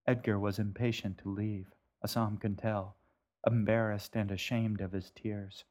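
A man, the author, narrating his own story in a gentle, measured way. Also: fairly low pitch, little pitch movement. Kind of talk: audiobook narration.

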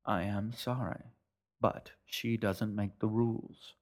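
A man voicing a tall, stern boatman who speaks in a grim, measured, formal way. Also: fairly low pitch, steady tone.

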